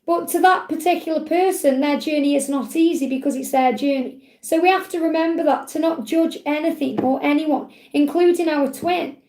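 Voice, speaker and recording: Chatty Stoke-accented woman, high voice. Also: normal speed, few pauses, a little mellow, roomy sound. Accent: Stoke-on-Trent English. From England. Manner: chatty, reassuring, digressive. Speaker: spiritual reader. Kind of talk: live card reading and Q&A.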